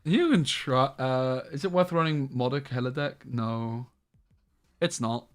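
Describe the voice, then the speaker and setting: A man's voice: mid-range voice, a little slow, soft background music. A man streaming a card game, chatting casually with his viewers and laughing often. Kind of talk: casual live-stream commentary.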